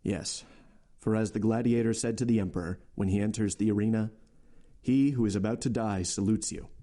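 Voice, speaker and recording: A man's voice: lowish voice, fairly even intonation, brisk, mellow, lightly acted. A man voicing Maximilian, a grieving young man who speaks in a weary, bitter way.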